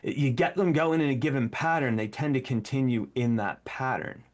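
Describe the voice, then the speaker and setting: A man at normal speed and medium pitch talks lively and relaxed on a podcast he co-hosts. While explaining, he slips into acting out commands partway through his sentences.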